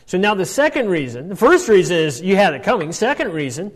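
A man's voice: high-pitched, big pitch swings, fairly quick, in a large hall. A man teaching a Bible passage, explaining step by step and checking in often with "all right" and "right?".

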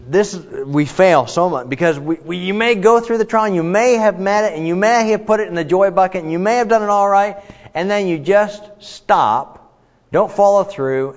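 A man teaches a Bible study in a slightly high voice, talking to the group in a conversational, emphatic way and often restarting his sentences. His voice rings with a long reverb in a hall, and the recording sounds a bit dull.

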